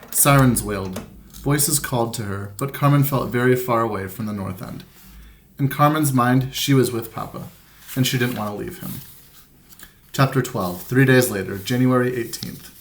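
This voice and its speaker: A man with a voice of ordinary, middle pitch reads a children's novel aloud to his students. He keeps it plain and unhurried, only lightly voicing the characters, like a teacher reading to the class from home. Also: slight background noise. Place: room at home with a printer nearby.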